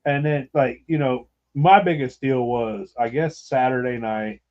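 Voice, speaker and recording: A man's voice: medium pitch, measured pace, lo-fi sound. A man hosting a podcast, telling a rambling, profane story with laughter in casual chat. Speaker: podcast host.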